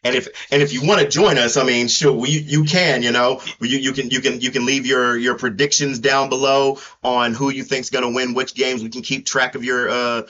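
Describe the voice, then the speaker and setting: Mid-pitched man hyping his team on a podcast. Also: fairly even intonation, moderate pace, few pauses, pushed and bright. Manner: hype, repeats words, stumbling restarts. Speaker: podcast co-host. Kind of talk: casual sports chat. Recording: dull lo-fi sound.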